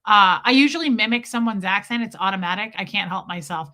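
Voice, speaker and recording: A woman from Nebraska telling a self-deprecating travel story on a live stream in a casual, animated way. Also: medium pitch, fast. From Omaha, Nebraska, USA.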